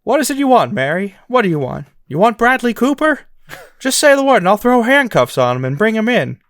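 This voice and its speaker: An eager, earnest young suitor, as a man puts him on for fun, his voice pushed up high and loud as he rambles on excitedly. It sounds close and dry, with no room around it. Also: brisk, no echo, full character voice. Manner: raised, excited, rambling delivery. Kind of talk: comic movie impression.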